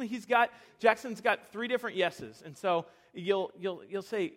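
A young male pastor with a high, bright-sounding voice preaches to a live audience. He tells animated, self-deprecating stories and restarts his sentences often. His delivery stays lively from one story to the next. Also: fast talker. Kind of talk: sermon with personal stories.

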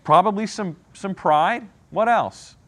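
A man's voice: sits high, slow pace, a bit bright. A man teaching an interactive Bible lesson, asking the class questions and often checking in with "okay?" and "right?".

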